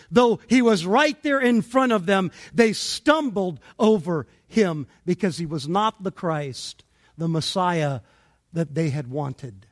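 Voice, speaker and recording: A man preaching an expository sermon, deliberate and emphatic, pausing between phrases. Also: sits high. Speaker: pastor.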